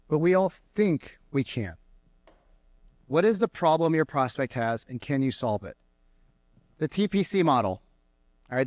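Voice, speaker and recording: A man giving an energetic sales seminar to a live room, firing questions at the crowd. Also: mid-range voice, dry recording. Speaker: sales trainer. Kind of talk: live seminar talk to an audience. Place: meeting room with an audience.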